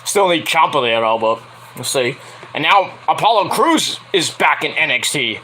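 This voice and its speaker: A young man talks through a wrestling show in a loose, rambling review, laughing and slipping into shrill impressions. His voice sits a little high and swings lively, with a bright, sharp edge. A faint hiss of noise runs under it. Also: moderate pace, rough recording. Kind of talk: casual solo review vlog.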